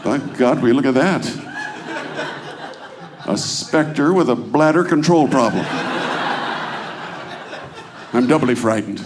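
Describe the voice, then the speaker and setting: A man's voice: medium pitch, lively intonation, takes it slowly, long pauses, background noise. A man doing a stand-up routine on a club stage, chatting with and quizzing the audience. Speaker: stand-up comedian.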